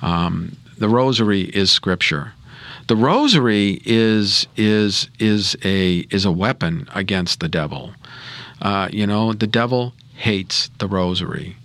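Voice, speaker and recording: A man's voice: lowish voice, animated, slow pace, fairly bright tone, dry recording. A man giving an earnest, conversational reflection on scripture and prayer, often repeating words and saying "you know.". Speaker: co-host of a Catholic scripture reflection show.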